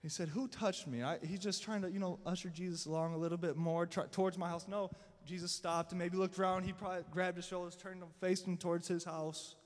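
A man's voice: sits high, little pitch movement, fast, few pauses, big-room sound. A man preaching a sermon to his church, telling a scripture story dramatically and voicing the people in it. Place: church sanctuary.

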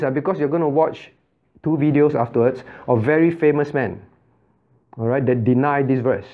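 A man's voice: medium pitch, normal speed. A man pastor teaching an interactive Bible class, who stresses key words, repeats himself and quizzes his listeners with "right?". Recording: tinny phone-like sound.

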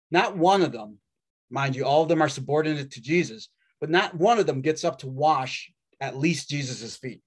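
A man preaching a sermon in a wry, conversational way, with dramatic pauses. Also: a little high.

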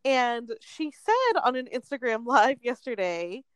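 Chatty young woman, lively and high. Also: unhurried, clear, resonant tone, no room sound. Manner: chatty, lots of "like", laughs often. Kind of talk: casual gossip chat.

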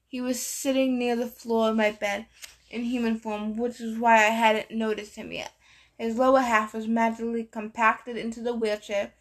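A woman reading a novel aloud in a steady first-person storytelling voice. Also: a little high, moderate pace. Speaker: narrator. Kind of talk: audiobook reading.

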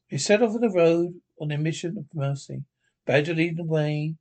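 Gravelly man reading a storybook aloud. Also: a little high, normal speed, a little mellow. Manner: unpolished reading with frequent slips and restarts. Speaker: narrator.

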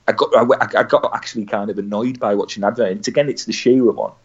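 Low-voiced chatty English man on a podcast. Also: steady tone, quick pace, breathy edge, dull audio. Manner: chatty, rambling, mocks adverts with put-on voices. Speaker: podcast co-host. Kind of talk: casual podcast chat.

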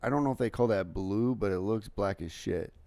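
Man, 30s, podcast co-host, animated storyteller, gravelly, dry close mic. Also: fairly low pitch, brisk, dry recording. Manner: animated storyteller, laughs a lot. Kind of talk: casual chat.

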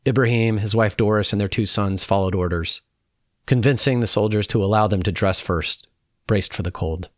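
A man with a deep, low voice reads a first-hand reflection in a calm, measured way. The recording is close and dry, with no room sound around him. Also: dry recording. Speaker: narrator. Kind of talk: reading a personal reflection aloud.

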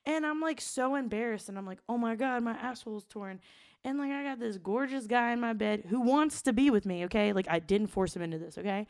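A young woman co-hosting a podcast, telling a raunchy story in blunt, profane, animated casual talk. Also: a little high, quick pace, few pauses, no echo, studio quality. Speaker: podcast co-host.

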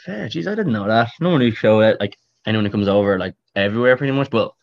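A man's voice: fairly low pitch, quick pace, creaky, no echo. Rambling Irish man on a lo-fi line. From Ireland. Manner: rambling, animated, swears freely. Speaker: podcast guest. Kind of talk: casual storytelling chat.

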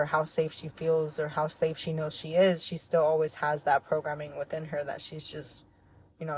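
A woman with a notably low, deep speaking voice hosts a reflective solo podcast. She talks in an earnest, heartfelt way that wanders as she thinks aloud, with frequent fillers and soft laughs. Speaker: podcast host.

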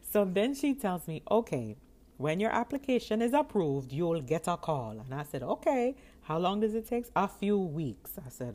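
A woman's voice: lowish voice, moderate pace. A woman in her thirties from New York, hosting a podcast and telling a personal story, acting out the dialogue with laughs. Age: 30s. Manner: animated, acts out dialogue with laughs. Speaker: podcast host.

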